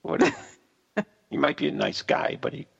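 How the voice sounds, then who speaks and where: A male radio host chats casually and pokes fun at his guests. His voice is gravelly and raspy with a bright edge. The recording is dull and lo-fi. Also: a little high, slow, big-room sound. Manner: teasing, animated. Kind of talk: casual chat.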